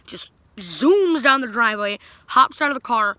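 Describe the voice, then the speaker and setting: A man's voice: very high voice, expressive, normal speed, hardly any pauses, pushed and bright, no room sound. A young man telling a story to his viewers in a rambling, casual way, full of fillers and restarts. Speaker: vlogger.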